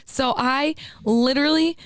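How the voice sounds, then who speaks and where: A young woman co-hosts a casual podcast and tells her stories with animated bursts of laughter. Her voice sits high. The recording is dry and close. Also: unhurried, dry recording. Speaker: podcast co-host. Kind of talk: casual chat.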